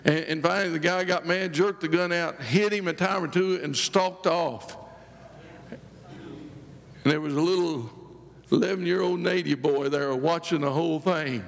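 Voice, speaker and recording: Brief: older male guest preacher, gravelly and high, loose joking delivery, hall reverb. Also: unhurried. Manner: joking, rambling storytelling with many restarts. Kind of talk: sermon. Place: church sanctuary.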